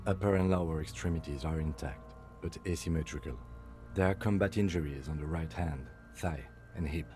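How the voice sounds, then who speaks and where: Calm, clinical police lieutenant. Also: male voice, a bass voice. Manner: measured, clinical, dry. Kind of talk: video game voice acting. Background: faint game music.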